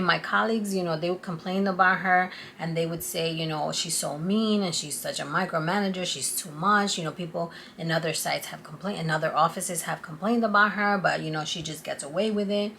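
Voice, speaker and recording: A woman vlogger telling a personal story to the camera in a casual, animated and confiding way. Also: lowish voice, fairly quick, gravelly, a little hiss or hum. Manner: animated, confiding, acts out quotes.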